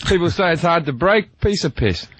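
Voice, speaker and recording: A man with an Australian accent tells cocky comic stories in a radio studio. His voice sits slightly high, and he laughs his way through his punchlines. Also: lively intonation, brisk, fairly bright tone, a little hiss or hum. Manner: brash, laughing anecdotes. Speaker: guest comedian.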